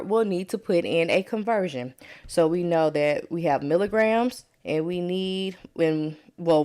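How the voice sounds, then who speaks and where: A woman with a Southern US drawl, her voice sitting a little low for a woman. She tutors nursing students live in a chatty, easygoing way, wandering off on side tangents before coming back to each step. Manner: chatty, digressive, talks step by step. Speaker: nurse tutor. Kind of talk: live dosage calculation tutorial.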